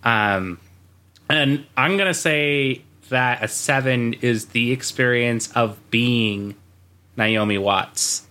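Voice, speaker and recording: A man's voice: mid-range voice, takes it slowly, bright, forceful tone. A man co-hosting a podcast in casual chat, rambling and laughing at his own jokes. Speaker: podcast co-host.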